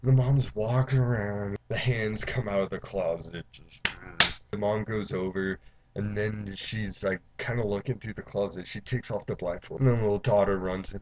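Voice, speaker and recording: A man's voice: on the low side, fairly even intonation, darkish tone. A man giving a casual, profane, rambling movie recap, full of "like" and restarts, briefly mimicking characters' lines. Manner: acts out characters' lines in quick mock voices. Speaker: movie reviewer. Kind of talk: casual spoiler-filled recap.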